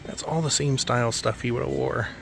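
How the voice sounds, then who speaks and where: Male vlogger, mid-pitched, easygoing running commentary in an indoor shop, faint background music. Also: a little fast, gravelly. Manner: relaxed, offhand remarks with chuckles. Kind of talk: casual walkthrough commentary. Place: indoor antique mall.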